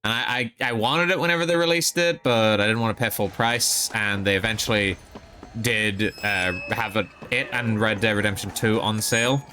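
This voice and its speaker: A man's voice: fairly low pitch, moderate pace, sharp tone, a little hiss or hum. A man streaming a video game live, chatting casually, joking, swearing and making fun of himself. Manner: joking, swearing, self-mocking.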